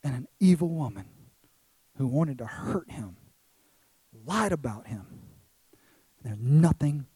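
A man's voice: medium pitch, lively intonation, slow, long pauses, dark tone, breathy edge, no room sound. A man preaching a sermon as pastor, emphatic, with repeated phrases and rhetorical questions to the congregation.

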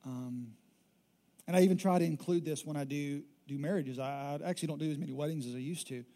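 Man pastor, sermon, high pitch, mellow dark tone, emphatic, loud then hushed. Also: quick pace.

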